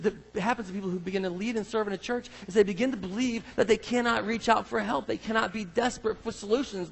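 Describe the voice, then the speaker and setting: Gravelly, husky man preaching a sermon. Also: high-pitched, big-room sound, rough recording. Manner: animated, acts out scripture scenes. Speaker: pastor.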